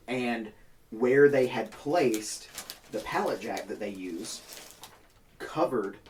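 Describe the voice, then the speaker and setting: A man's voice: mid-range voice, slow, recorded from a distance, a little hiss or hum. A man on a podcast telling a long story in casual chat among friends, swearing freely and acting out what other people said. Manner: profane, animated, acts out quoted people. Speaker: podcast co-host.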